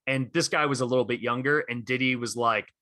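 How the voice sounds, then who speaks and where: A man's voice: mid-range voice, a little fast, sharp tone, dry recording. A man co-hosting a casual sports podcast, retelling stories with enthusiasm and lots of fillers. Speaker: podcast co-host.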